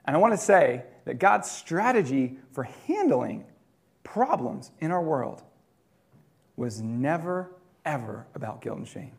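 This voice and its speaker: A man preaching a sermon in a conversational way, swinging between loud emphatic lines and quiet, dropped ones. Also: fairly high pitch, big pitch swings, a little slow, gravelly. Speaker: pastor.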